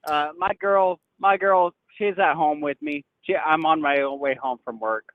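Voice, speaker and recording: A man calls in to a podcast over a tinny phone line, rambling defensively and trailing off. His voice is fairly high, at a moderate pace, in a dry recording.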